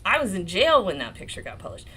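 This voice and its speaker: A woman in her forties with an American accent, hosting a legal commentary livestream in an excitable, emotional way, swearing and laughing often. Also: mid-range voice, fast talker, a little hiss or hum, poor audio. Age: 40s. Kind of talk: casual live-stream commentary.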